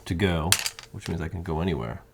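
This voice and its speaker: A man's voice: low-pitched, brisk, vocal fry, noisy background. A man in casual chat at a home game table, explaining rules step by step as he plays. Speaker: board game player. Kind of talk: casual chat while playing. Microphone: condenser mic.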